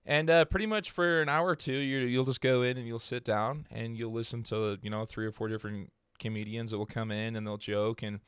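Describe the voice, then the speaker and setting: A man's voice: mid-range voice, a bit bright, clear, resonant tone, no room sound, studio quality. A man hosting a podcast, telling a story in casual chat with lots of fillers and restarts. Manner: rambling, filler-heavy, laughs at own jokes. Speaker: podcast host.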